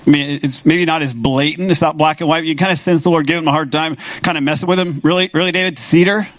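A man's voice: a little high, fairly even intonation, fast talker, no echo. A man preaching a sermon as pastor, talking casually and with animation, paraphrasing scripture in an everyday voice.

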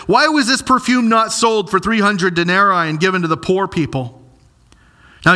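A man preaching a sermon, earnest and emphatic, slowing down to stress repeated phrases. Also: sits high, pushed and bright. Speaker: pastor.

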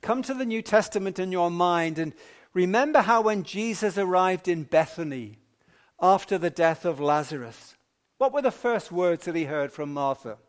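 A man preaching an evening sermon in a measured, emphatic way with long pauses. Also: high voice, lively intonation.

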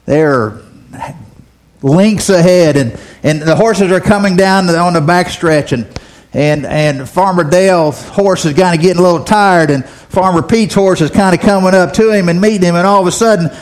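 A man teaching a Bible lesson, telling a folksy story and often repeating words as he talks. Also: high-pitched. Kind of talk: sermon.

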